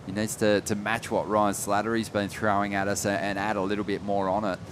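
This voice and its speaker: A man calling a surf contest live, relaxed, rising in energy on big turns. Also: lowish voice, brisk, background noise. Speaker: surf commentator. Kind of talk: live sports commentary.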